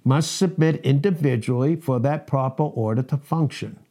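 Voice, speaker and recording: A man's voice: medium pitch, normal speed, warm tone. A middle-aged man preaching a sermon, emphatic, asking rhetorical questions and repeating key words.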